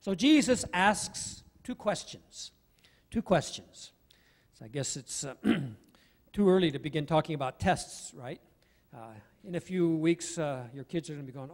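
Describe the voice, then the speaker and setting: A man with a high voice preaches to his congregation in a relaxed, conversational manner, full of asides. His voice rings out with the long reverb of a church hall. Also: normal speed. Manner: conversational, with asides and acted-out quotes. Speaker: pastor. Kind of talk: sermon. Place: church sanctuary.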